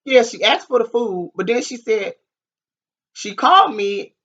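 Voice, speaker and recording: A woman vlogger tells a story with a bright, ringing voice, swearing freely and laughing as she goes. She acts out what people said with lively energy. The recording sounds dull and lo-fi. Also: a little high, measured pace. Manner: animated, profane, laughing, acts out quotes. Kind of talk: casual storytelling to camera.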